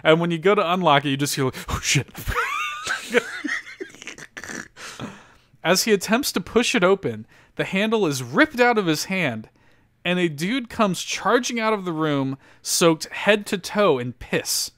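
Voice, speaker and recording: A man's voice: high-pitched, lively intonation, normal speed, fairly bright tone, no echo, clean studio sound. A man hosting a casual podcast, reading an article aloud with lots of laughter and loose, profane storytelling. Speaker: podcast host.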